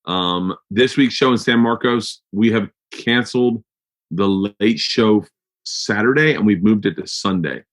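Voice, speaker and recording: A man's voice: on the low side, unhurried. A man hosting his podcast, talking loosely and profanely with self-mocking asides, a bit tipsy from wine. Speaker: podcast host. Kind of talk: casual rambling podcast intro and ad read.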